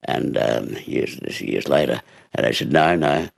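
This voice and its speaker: Speaking as a guest in an interview, this actor, an older Australian man, spins a lively tale in a deep, gravel-edged voice. His delivery halts often and is packed with fillers.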